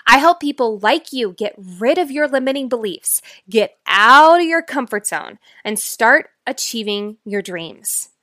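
A woman with a fairly high voice coaching her podcast listeners directly. She jumps between quick, punchy bursts and slow, hushed passages. The sound is close and dry, with no room around it. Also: animated, dry recording. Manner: dramatic shifts between fast loud and slow quiet delivery. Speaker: life coach.

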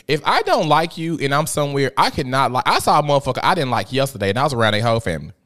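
Man, young adult, casual podcast host, animated pitch swings, mid-range voice. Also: very fast. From Memphis, Tennessee. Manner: animated, profane storytelling with sudden high-pitched outbursts. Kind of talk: casual profane chat.

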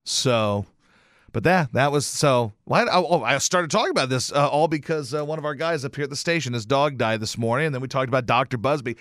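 A male radio host telling a casual story with lots of swearing and sudden loud exclamations. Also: mid-range voice, fairly quick, no echo, clean studio sound. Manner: animated, profane, bursts into loud exclamations. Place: radio station studio.

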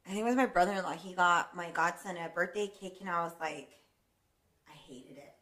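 A woman co-hosting a casual chat, animated, swearing freely and laughing often. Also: on the low side, a little fast, roomy sound. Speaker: co-host.

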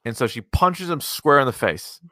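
A man's voice: medium pitch, very animated, normal speed, pushed and bright, no echo, clean studio sound. A man casually recapping a horror movie with a co-host, laid-back, swearing and laughing often. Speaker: podcast co-host.

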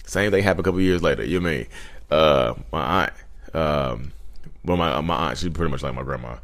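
A man's voice: a bass voice, fairly quick, fairly bright tone. A man in his thirties, a vlogger telling personal stories in a loose, conversational way, often acting out quotes and saying "you know what I mean.". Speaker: vlogger talking about his own personality disorder. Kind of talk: casual storytelling monologue.

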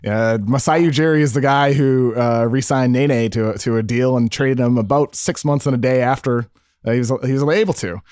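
A man guest in a sports chat, measured, citing reports with some hesitations. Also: medium pitch, darkish tone, clear, resonant tone, dry recording, clean studio sound. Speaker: podcast guest.

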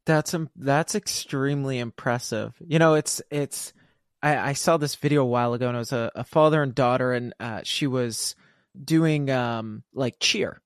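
A male podcast host speaks into a close mic in a dry, dead room. He talks with enthusiasm and wanders through long, rambling stories at a mid-range pitch. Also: normal speed, smooth, no echo. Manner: enthusiastic, rambling, with many fillers and restarts. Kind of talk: conversational interview.

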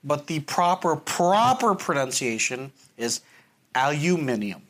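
This man's medium-pitched voice is animated, a bit bright and a little slow. In a casual back-and-forth he trips over and repeats words before playfully disputing how they're said.

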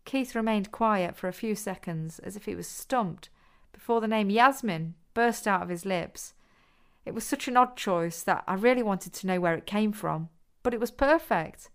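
Woman narrator, smooth clear voice, mid pitch, steady reading of a story. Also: normal speed.

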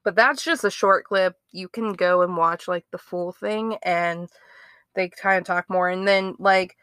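A woman's voice: lowish voice, unhurried, a bit bright, smooth, no room sound, studio quality. A woman hosting a true-crime podcast, chatting casually and reacting with disbelief. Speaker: podcast host.

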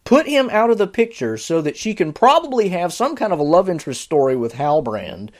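A man with a somewhat high voice talks casually as a podcast host reviewing a series. He sounds exasperated and sarcastic, and his delivery is animated. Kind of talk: casual commentary.

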